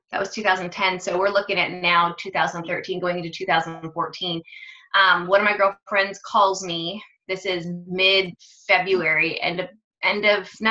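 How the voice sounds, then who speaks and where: A woman's voice: fairly low pitch, sharp tone. A woman fitness coach telling a story in a chatty, rambling way, often correcting herself mid-sentence. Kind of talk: casual storytelling monologue. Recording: dull lo-fi sound.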